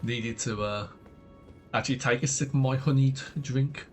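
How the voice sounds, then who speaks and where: A British man streaming a game live, his voice a touch scratchy and mostly low and muttered. His pitch sits mid-range for a man. Faint music plays behind him. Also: steady tone, normal speed. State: scratchy throat. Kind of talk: casual live gameplay commentary.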